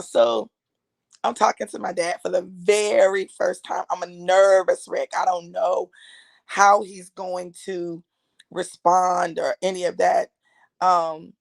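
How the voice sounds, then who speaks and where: Fifties lady talking straight to her viewers, lots of gravel in her voice, chatty and emphatic, calls everyone y'all. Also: medium pitch, no echo. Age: 50s. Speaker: author and speaker. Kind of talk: casual storytelling to viewers.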